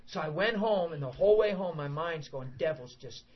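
A high-voiced, husky pastor preaches a brisk, animated sermon, telling stories that burst into shouting and laughter. The recording sounds dull and lo-fi.

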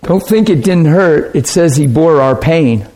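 A man's voice: fairly high pitch, animated, unhurried, mellow. A man preaching a sermon in an earnest, conversational way, asking his listeners rhetorical questions.

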